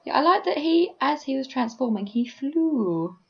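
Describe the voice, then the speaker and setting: A woman's voice: high voice, animated, moderate pace, creaky, lo-fi sound. A woman co-hosting a podcast, talking in a dry, matter-of-fact way and plainly explaining things in casual chat. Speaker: podcast co-host. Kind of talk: casual chat reviewing an anime episode.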